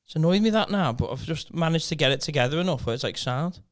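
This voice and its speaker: A man's voice: on the high side, expressive, quick pace. A man chatting on a podcast, teasing his friends and rambling through stories with many restarts. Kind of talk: casual banter.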